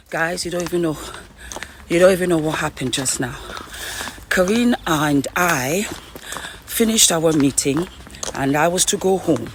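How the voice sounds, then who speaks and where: A woman vlogger, out of breath and shaken, telling an excited story while walking outdoors, stumbling and repeating her words. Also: deep voice, measured pace, long pauses, slight background noise.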